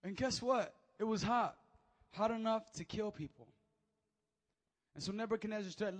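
A young man preaching a sermon from a church stage, animated and acting out the quotes as he tells the story. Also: high voice, moderate pace, long pauses. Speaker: pastor. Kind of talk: lively sermon. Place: church stage before a congregation.

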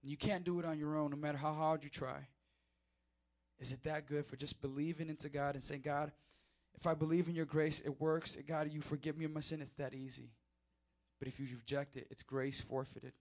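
Speaking directly to the church crowd, a young man preaches a loose, animated sermon that swings from soft asides to loud bursts. He's a pastor with a slightly high voice and a brisk delivery.

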